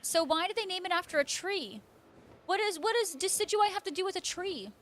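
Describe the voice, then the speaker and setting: High-voiced chatty woman streamer. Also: lively intonation, a little fast, fairly bright tone, a little hiss or hum. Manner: chatty, laughs often, answers chat by name. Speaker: livestream host. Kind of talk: casual chat with live viewers.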